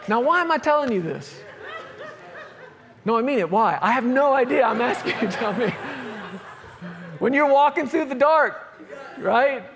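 A man's voice: very high voice, lively intonation, moderate pace, pauses often, fairly bright tone, in a large hall, some chatter behind. A male pastor preaching a sermon, telling a personal story with laughter, then reading and explaining scripture.

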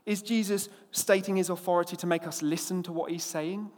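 A man preaching a sermon from England, opening with a lively anecdote in which he acts out the characters before turning to scripture. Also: high-pitched, fairly quick, in a large hall.

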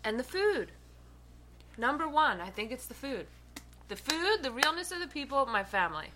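A woman's voice: high-pitched, big pitch swings, background noise. Young woman from the East Coast, chatty. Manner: storytelling, quick to laugh. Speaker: podcast co-host. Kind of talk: casual chat.

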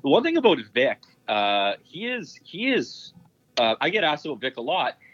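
A curling broadcaster tells stories in a casual interview, enthusiastic and rambling, full of fillers and restarts. His fairly high voice swings hugely in pitch at a normal speed. The sound is lo-fi and a bit bright.

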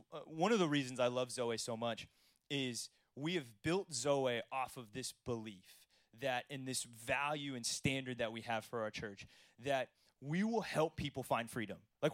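Male pastor, sermon, animated storytelling, soft-to-loud swings, dry close sound. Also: medium pitch, no room sound.

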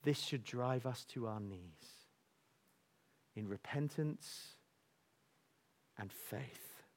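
A man preaching a sermon, telling stories with animated energy and dropping to soft near-whispers for emphasis. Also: medium pitch, extremely slow.

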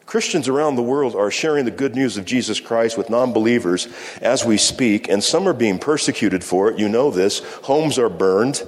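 A male pastor giving a sermon, speaking in measured phrases with slow, emphatic pauses. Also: mid-range voice. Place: church sanctuary. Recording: long reverb of a church hall.

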